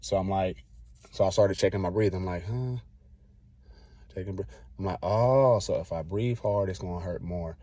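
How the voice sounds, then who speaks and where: A man's voice: low voice, moderate pace, long pauses, warm tone, no room sound. A man vlogging, telling a personal story in a casual, rambling way, acting out what he said back then in slangy talk. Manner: rambling, acts out his own past lines.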